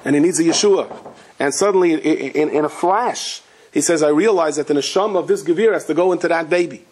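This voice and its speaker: A man's voice: fast, darkish tone, slightly rough. A man, a rabbi teaching a Torah class, telling stories and acting out the voices of the people in them. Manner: storytelling, acting out voices with swings of pitch.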